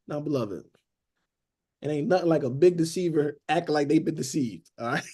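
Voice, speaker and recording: A man's voice: on the high side, moderate pace. A man teaching a Bible study in a conversational sermon style, breaking in to act out the characters and often saying "beloved" and "okay?". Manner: animated, acts out characters, frequent "beloved" and "okay?".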